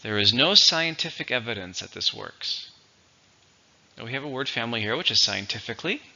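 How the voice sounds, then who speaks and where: A man teaching English vocabulary in a slow, deliberate lesson, spelling out syllables and stress. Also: mid-range voice, lively intonation, vocal fry, bright, forceful tone, lo-fi sound. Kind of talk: recorded vocabulary lesson and dictation.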